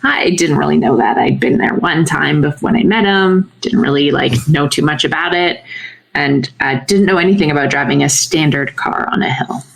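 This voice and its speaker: A woman with a notably low voice, chatting as a podcast guest. She tells her story casually and pokes fun at herself. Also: moderate pace, vocal fry, rough recording. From Canada. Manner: chatty, self-deprecating, laughs at herself. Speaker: guest, naturopathic doctor.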